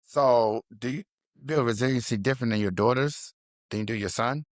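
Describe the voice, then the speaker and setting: A man's voice: medium pitch, normal speed, dry recording, clean studio sound. A man co-hosting a casual podcast chat, blunt and joking, laughing often as he talks. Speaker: podcast co-host.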